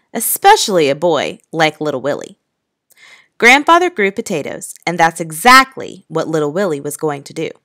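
A woman teacher reads a children's novel aloud in a clear, measured way. Her voice sits on the low side. The sound is close and dry. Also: fairly bright tone, no echo.

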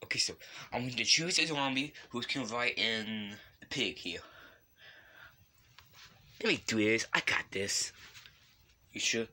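A man's voice: medium pitch, expressive, unhurried, pauses often, pushed and bright. A young man playfully narrating a block game, voicing its characters and making animal noises. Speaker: video maker voicing toy-like game characters.

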